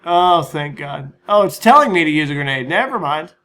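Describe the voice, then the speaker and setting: A man's voice: fairly high pitch, expressive, moderate pace, pushed and bright. A man hosting a gaming channel, chatting casually through a let's-play and a channel update, rambling, self-mocking and swearing freely.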